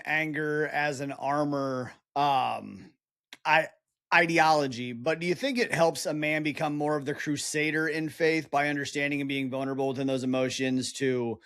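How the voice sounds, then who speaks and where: A man hosting a podcast interview, asking searching questions in a halting way and swearing casually. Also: on the high side, fairly bright tone. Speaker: podcast host.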